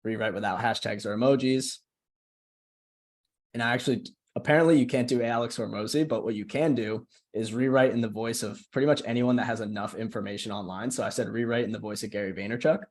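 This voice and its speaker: A man with a mid-range voice and steady tone speaks quickly while giving a casual screen-share tutorial on a video call as a marketing coach. He's chatty, frequently asks "right?", and often restarts his phrases.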